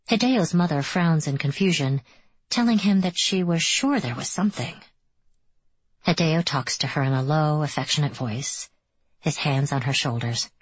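Female audiobook narrator, low husky voice, measured storytelling, dull dry recording. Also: no echo. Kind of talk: first-person scripted audiobook narration.

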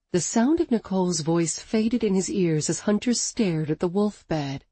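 A woman narrating an audiobook in an expressive, dramatic scripted reading, close to the mic. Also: lowish voice, normal speed, hardly any pauses, breathy edge, dry recording.

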